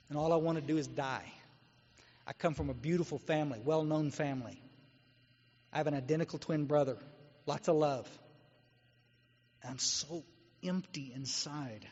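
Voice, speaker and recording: A man from Texas speaks at a recovery meeting in a blunt, exhorting storytelling manner. His voice is husky and sits fairly high. The recording is dull and echoes through a long-reverb hall. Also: a little slow, long pauses, a little mellow. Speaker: guest speaker.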